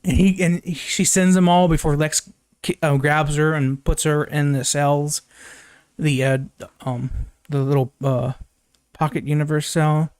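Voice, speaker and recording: A man's voice: fairly even intonation, unhurried, darkish tone, clear, resonant tone, no echo, clean studio sound. A young man casually recapping a film as a reviewer, rambling with many fillers and restarts, laughing and swearing now and then. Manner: rambling, many fillers and restarts, jumps high when quoting characters. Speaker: movie reviewer. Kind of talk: casual spoken movie recap.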